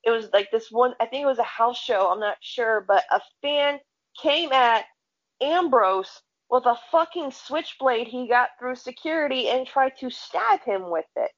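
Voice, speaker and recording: A woman's voice: on the high side, expressive, measured pace. Woman co-host, casual podcast chat, blunt and profane storyteller, dull lo-fi audio. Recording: dull lo-fi sound.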